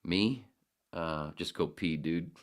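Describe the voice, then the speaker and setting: A man with a deep, low-pitched voice hosts his own podcast, chatting loosely from topic to topic. He swears often and drifts into quiet muttered asides. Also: takes it slowly, a little hiss or hum. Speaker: podcast host. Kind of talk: casual solo podcast chat.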